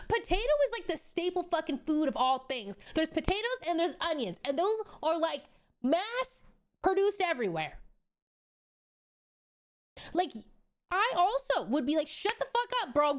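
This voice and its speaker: A young woman streaming, reading a story aloud and reacting to it in disbelief, swearing and laughing as she goes. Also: sits high. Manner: animated and incredulous, swearing freely, laughing often. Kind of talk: casual live-stream reaction.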